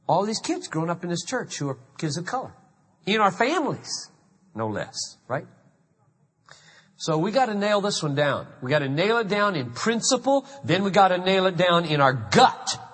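A man's voice: sits high, fairly bright tone, breathy edge, in a large hall. A man in his fifties from the American South, preaching a sermon in an earnest, conversational way with emphatic repetition. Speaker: pastor.

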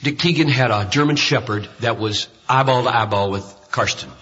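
An older man preaching a sermon at a rally, telling stories with loud emphasis and hushed asides. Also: medium pitch, moderate pace, husky. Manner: animated storytelling, swings between loud emphasis and hushed asides. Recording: dull reverberant hall recording.

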